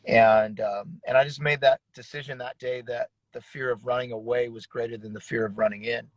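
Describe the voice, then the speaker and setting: A man's voice: medium pitch, steady tone, brisk, dry recording, rough recording. A man who is a pastor, sharing an earnest personal testimony in a casual, slangy conversation. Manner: earnest, casual, uses slang like bro and dude.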